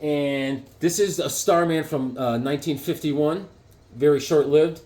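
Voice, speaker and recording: Excited man showing off comics. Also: a little high, measured pace, slight background noise. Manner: enthusiastic, rambling, chuckling. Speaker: comic book collector showing his collection. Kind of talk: casual show-and-tell chat.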